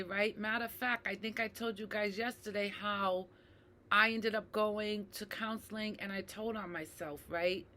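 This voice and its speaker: A woman speaking to her viewers in an unhurried, deliberate way, with a clear, bright tone. She is earnest and reflective, repeating her key points and often tagging them with "right?". She calls the audience "you guys", as if talking face to face. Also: medium pitch. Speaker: mental health advocate. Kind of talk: personal talk to camera.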